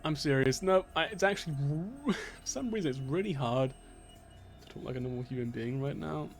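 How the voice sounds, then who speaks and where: A man's voice: on the high side, lively intonation, fairly quick. A young man streaming a game, rambling and stammering through fits of laughter. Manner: giddy, rambling, stammering, keeps laughing and repeating himself. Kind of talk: live gameplay commentary. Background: faint game music.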